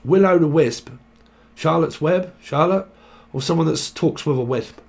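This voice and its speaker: A man's voice: fairly high pitch, measured pace, creaky, a little mellow. A man giving a rambling, casual tarot reading, swearing and jumping between word associations. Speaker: tarot reader.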